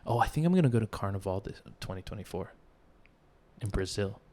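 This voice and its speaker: A man's voice: on the low side, animated, a little fast, mellow. A man co-hosting a loose podcast conversation. He rambles from thought to thought, often stopping to correct himself. His tone stays easygoing and chatty. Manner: rambling, self-correcting, easily laughs. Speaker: podcast co-host. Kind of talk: casual chat.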